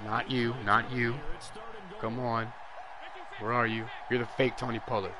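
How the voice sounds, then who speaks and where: Young dude streaming a football game, trash talk, goes from mumbling to yelling. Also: male voice, mid-range voice, a little slow, noisy background. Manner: excitable, trash-talking, swings from mutters to yells. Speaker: gaming streamer. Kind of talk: live gameplay commentary.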